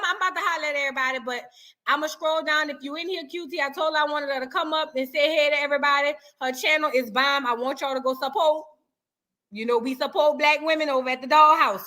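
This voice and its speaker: A high-pitched woman with a New Orleans accent, hosting a loose livestream chat. Her voice is bright and forward, and she talks in an animated, playful way as she greets her viewers one by one. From New Orleans, Louisiana. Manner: animated, playful, calls viewers boo and girl. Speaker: livestream host.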